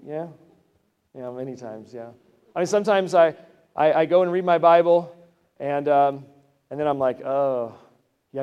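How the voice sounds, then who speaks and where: Pastor preaching in a reverberant hall. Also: male voice, a little high, a little mellow. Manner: conversational, rises to emphatic peaks. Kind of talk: sermon. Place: church sanctuary.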